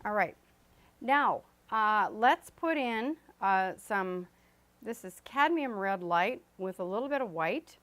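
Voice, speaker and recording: A woman's voice: medium pitch, lively intonation, takes it slowly, fairly bright tone. A woman teaching an oil painting lesson as she paints, chatty and loose, with fillers and self-corrections. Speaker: art instructor. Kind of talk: painting demonstration.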